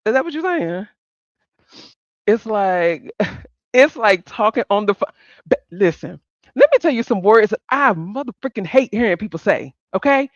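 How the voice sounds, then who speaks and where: A woman hosts a live stream, talking to her viewers in loose, blunt commentary. She uses a lot of profanity, laughs often, and her fairly high voice swings widely in pitch. The sound is dry and a bit dull, like lo-fi stream audio. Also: no echo. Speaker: livestream host. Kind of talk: casual commentary to a live audience.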